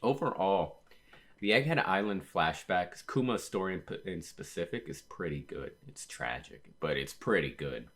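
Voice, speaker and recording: A man's voice: low voice, fairly bright tone. A man hosting a manga reaction video. He chats casually, retells scenes with lots of "he was all like", and often stops to correct himself. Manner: frequent fillers and self-corrections. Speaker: manga reaction channel host. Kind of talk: casual reaction and read-aloud commentary.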